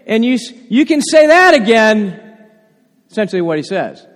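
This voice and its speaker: Guy preaching a sermon, high voice, gets really animated acting out quotes, big echoey church sound. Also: a little fast. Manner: animated, acts out quoted voices with rising intensity. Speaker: pastor. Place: church sanctuary.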